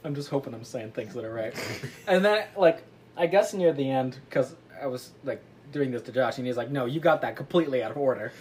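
A woman's voice: extremely low pitch, fairly quick. Giggly woman retelling a story. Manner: rambling, giggly, acts out voices. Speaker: friend retelling a book plot. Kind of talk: casual group chat. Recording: lively group laughing behind.

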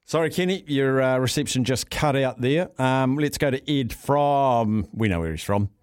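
A man's voice: medium pitch, moderate pace, clean tone, no echo, studio quality. A man hosting casual talkback radio, easygoing and teasing with callers. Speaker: radio host.

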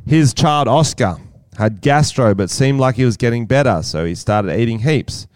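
A man's voice: medium pitch, lively intonation, moderate pace, a little mellow, no echo, studio quality. A man co-hosting a podcast in casual, sweary banter, laid-back and trailing off mid-thought. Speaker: podcast co-host.

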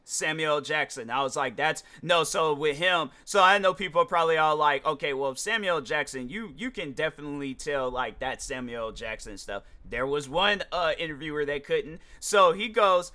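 A young man hosting a solo podcast, his voice bright and a little raised in pitch. He rambles casually, restarting sentences and dropping slang as he goes. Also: moderate pace, few pauses. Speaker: podcast host.

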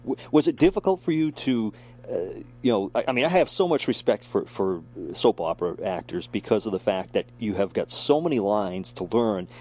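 A man's voice: lowish voice, animated, brisk, mellow. A man hosting an interview, supportive and asking long, wordy questions. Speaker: interviewer, host. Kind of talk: casual interview.

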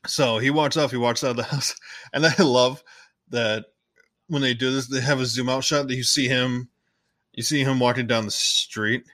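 On his podcast, a man with a bright, forward, medium-pitched voice casually recaps a movie at a normal speed and with fairly even intonation. He rambles, corrects himself by restarting sentences, and playfully acts out other characters' lines now and then. The close, dry recording carries no room sound.

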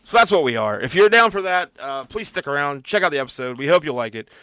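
A man's voice: a little high, very animated, fast talker, sharp tone, clear, resonant tone, no echo, clean studio sound. A middle-aged man co-hosting a casual podcast, laid-back and joking, with plenty of "uh" and "like". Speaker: podcast co-host.

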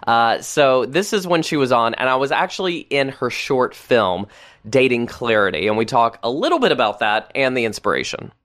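A man hosting a podcast, introducing clips with chatty, offhand asides. His voice is lively and animated. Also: medium pitch, normal speed. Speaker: podcast host. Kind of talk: scripted introduction.

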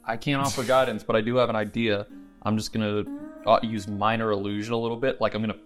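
A man playing a tabletop game, talking in a relaxed, rambling way with lots of fillers. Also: on the low side, quick pace, soft background music. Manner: relaxed, rambling, says 'like' often. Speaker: player. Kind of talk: casual tabletop play.

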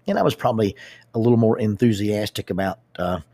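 Husky man telling a lively story. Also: lowish voice, quick pace, dry recording. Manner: animated, with repeated starts and lively asides. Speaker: public speaker and youth group leader. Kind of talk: personal storytelling talk.

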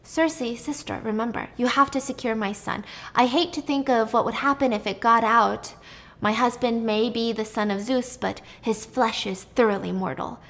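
A woman's voice: a little high, normal speed, fairly bright tone. A woman voicing a scheming queen who talks down to everyone with taunting condescension. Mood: condescending.

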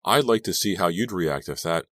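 A man's voice: low-pitched, animated, normal speed, fairly bright tone, no echo. A man reading a frightened, defensive teenage girl, urgent and pleading. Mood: scared, defensive.

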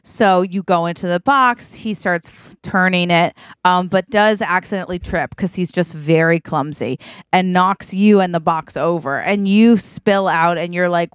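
A woman's voice: fairly low pitch, measured pace, clear, resonant tone, dry recording, studio quality. A woman co-hosting a podcast, improvising a comic story with a playful manner, laughing often and acting out the lines. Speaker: podcast co-host.

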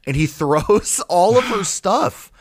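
A man's voice: high-pitched, slow pace, no echo. A man co-hosting a casual podcast, joking and laughing often as he recaps a reality show. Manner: laughs often, jokey and animated. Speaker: podcast co-host.

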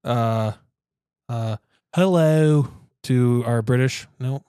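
Man, podcast co-host, teasing jokes, halting with lots of ums, mid-pitched voice, dry recording. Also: warm tone, clear, resonant tone, no room sound. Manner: joking, teasing and halting, full of fillers. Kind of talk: casual chat.

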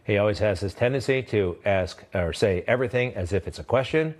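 A man's voice: on the low side, brisk. A man hosting political commentary, talking in a mocking, scornful way with chuckling asides. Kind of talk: opinionated commentary.

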